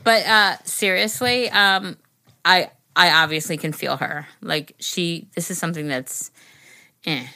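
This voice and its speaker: A young woman co-hosts a podcast in loose, blunt chat, swearing freely as she reads listener letters aloud. Her voice sits fairly low but cuts through with a forceful, bright edge. The sound is dry and close, with no room around it. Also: a little slow, no room sound. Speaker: podcast co-host.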